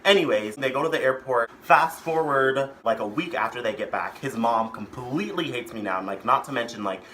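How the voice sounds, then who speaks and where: A man's voice: medium pitch, brisk, bright, forceful tone, a little hiss or hum. A young man telling a storytime vlog in a casual, profane, rambling way. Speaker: vlogger.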